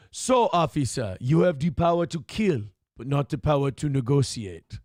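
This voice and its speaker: A man voicing a menacing adult male militia leader who mockingly taunts police, in a slow, mocking delivery. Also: medium pitch, darkish tone, no room sound, clean studio sound, pitched below the performer's own voice, natural voice.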